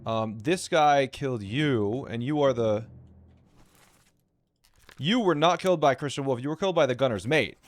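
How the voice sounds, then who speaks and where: A man streaming a puzzle game, thinking aloud in live commentary, excited and quick to repeat himself. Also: medium pitch, no echo.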